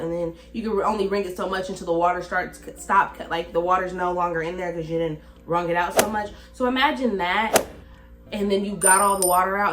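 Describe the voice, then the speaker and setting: A young woman in her twenties, chatting casually to a phone camera as she tells a personal story, rambling and full of fillers. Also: fairly low pitch. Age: 20s. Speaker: vlogger.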